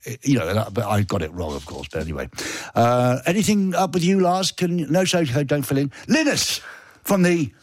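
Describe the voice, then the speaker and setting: Husky, lively radio host guy. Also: mid-range voice, brisk, dry recording, studio quality. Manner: chatty, jokey, self-mocking. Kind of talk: casual radio banter and DJ links.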